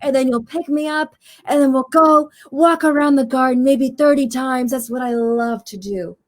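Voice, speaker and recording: A woman's voice: sits high, fairly even intonation, moderate pace, close to an everyday voice. A woman playing a small, mischievous garden creature in a comedy sketch. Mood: playful. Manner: chatty, mischievous.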